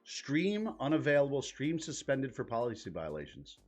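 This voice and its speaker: A man's voice: medium pitch, sing-song, a little slow, breathy edge, soft background music. A man hosting a live reaction stream, talking casually in a blunt, profane and incredulous way.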